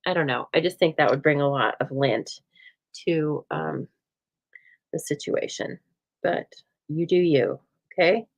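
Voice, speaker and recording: A woman's voice: low voice, unhurried, pauses often, muffled recording. A woman hosting a live stamping demonstration, chatting playfully and answering viewer comments as she works. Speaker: craft show host. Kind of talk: live stamping demo chat.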